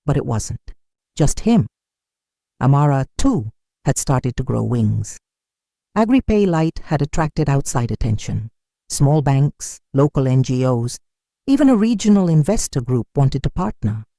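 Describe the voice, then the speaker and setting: Story narrator, mellow tone, animated delivery, dry close sound. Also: mid-range voice, measured pace, creaky, dry recording.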